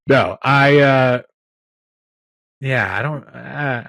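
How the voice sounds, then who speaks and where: A man's voice: mid-range voice, vocal fry, fairly bright tone, dry recording. Rambling, exasperated man podcaster. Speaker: podcast host. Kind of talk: casual chat.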